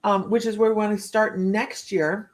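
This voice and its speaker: A woman's voice: medium pitch, flat delivery, moderate pace, a little mellow. A woman hosting a casual live stream who rambles, laughs often and greets viewers by name as she reads their comments. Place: home, indoors.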